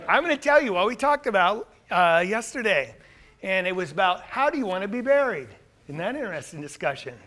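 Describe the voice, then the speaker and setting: A middle-aged pastor preaching a sermon, animated and full of rhetorical questions. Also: male voice, high voice, moderate pace.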